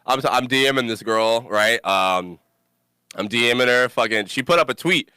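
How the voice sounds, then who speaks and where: A young man hosts a casual podcast with a bright, forward voice, and he tells his stories in an animated, laughing way. The sound is dry and close, with no room around it. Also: medium pitch, normal speed, clean tone, dry recording. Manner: animated storytelling, laughs often, cusses freely. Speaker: podcast host.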